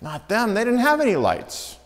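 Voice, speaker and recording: A high-pitched man preaching to his congregation in a church sanctuary. His voice rings with a long reverb tail off the walls. He tells the story lively, dropping soft and low for quotes and rising again. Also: moderate pace. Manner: storytelling, acts out quoted lines with shifting pitch and volume. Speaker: pastor. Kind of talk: sermon.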